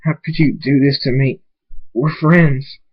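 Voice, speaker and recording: A man's voice: fairly even intonation, measured pace, slightly rough. A man voicing a captive male pony who pleads with his captor, on a dull lo-fi mic. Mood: defiant. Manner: pleading, breaks into high screams.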